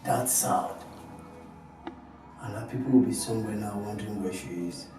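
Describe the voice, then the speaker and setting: A man's voice: on the low side, normal speed, recorded from a distance, lightly acted. A man with a Nigerian accent playing a resigned royal husband. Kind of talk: film acting. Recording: heavy echo from afar with music.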